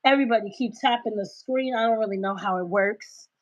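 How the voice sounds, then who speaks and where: A woman hosting a casual livestream, talking loudly and emphatically into her cell phone. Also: medium pitch, a little fast. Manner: loud, emphatic, ranting. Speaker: livestream host. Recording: dull cell-phone recording.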